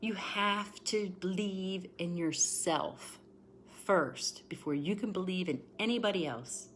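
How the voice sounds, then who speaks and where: Woman, tarot reading livestream, emotional and emphatic, rambling asides, lowish voice, faint background hiss. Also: slow pace, fairly bright tone. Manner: emotional and emphatic, sometimes near tears; chatty and encouraging, rambling asides. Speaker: tarot card reader.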